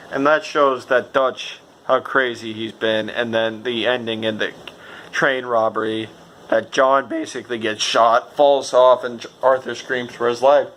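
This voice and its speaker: Man, stuffy-nosed, bright mid-pitched voice, loose rambling review delivery with swearing and self-corrections. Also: measured pace, slight background noise. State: stuffy nose. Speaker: game reviewer. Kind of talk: casual unscripted game review.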